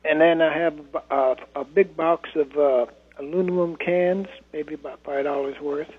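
A man calling in to a radio swap show, listing items in a halting way with many fillers. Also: a little high, fairly even intonation, slightly rough. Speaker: caller. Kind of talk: phone-in chat. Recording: tinny phone line.

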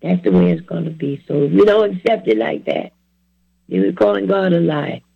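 A man in his seventies preaches his testimony in plain, repeating phrases, urging his listeners on. His voice sits high and grinds with heavy fry, rough and breathy at the edges. The recording is dry and muffled. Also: big pitch swings, normal speed, no room sound. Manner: repetitive, exhorting, plain-spoken. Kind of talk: earnest testimony sermon.

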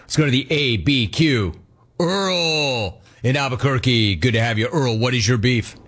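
Husky-voiced male radio host, brash and playful, mid-range voice. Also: mid-range voice, expressive, fairly bright tone. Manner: brash, fast-talking and playful. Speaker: sports radio talk show host. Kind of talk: call-in radio talk.

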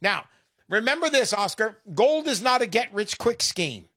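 Man hosting call-in radio, high and lively voice, dry studio sound, animated and chatty. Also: moderate pace, no room sound. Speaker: radio show host.

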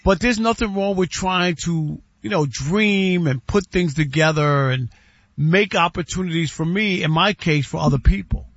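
A man co-hosting a sports radio show, talking in animated, playful banter. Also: sits high, normal speed, dry recording, dull audio. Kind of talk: casual sports radio chat.

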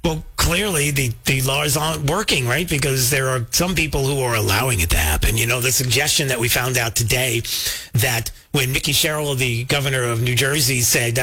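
A man's voice: medium pitch, fairly quick, pushed and bright, slightly rough. A man hosting casual political commentary, full of fillers and asides to his viewers. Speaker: host.

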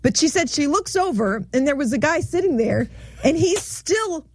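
A woman's voice: high voice, animated, moderate pace, no echo. A woman co-hosting a casual faith discussion, telling an anecdote in a chatty way and laughing as she goes.

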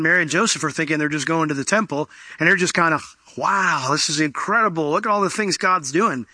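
Male pastor, high and very bright voice, chatty sermon delivery with acted-out asides, dry close sound. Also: no echo. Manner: conversational, acts out little quoted exchanges.

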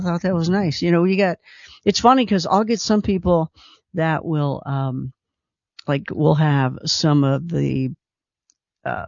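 Chatty call-in host with a gravelly voice. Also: male voice, on the high side, no room sound, muffled recording. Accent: Kentucky. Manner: chatty and enthusiastic, repeats himself. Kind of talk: casual call-in radio chat.

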